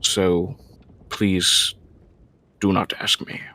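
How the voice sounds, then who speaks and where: A man's voice: deep voice, little pitch movement, drawn-out words, pushed and bright, exaggerated voice. A man playing an undead male servant warrior who speaks in a grave, emotionless way in a tabletop game. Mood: solemn.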